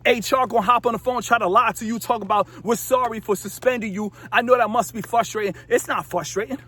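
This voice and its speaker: A man's voice: extremely high pitch, fairly even intonation, fast talker, bright, forceful tone, breathy edge. A man giving a casual motivational monologue to his viewers, preachy and repetitive, full of rhetorical questions, filmed outdoors in a remote desert spot. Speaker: motivational vlogger.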